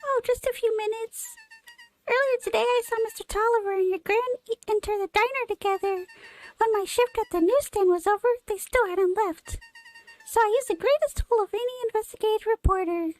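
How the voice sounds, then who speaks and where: Woman voicing a high, eager girl reporter. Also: fairly quick, faint music behind, rough recording.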